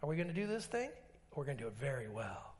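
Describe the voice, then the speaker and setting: A man pastor preaching a sermon, telling stories with acted-out dialogue and emphatic swings in pitch. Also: big pitch swings, quick pace. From Alaska.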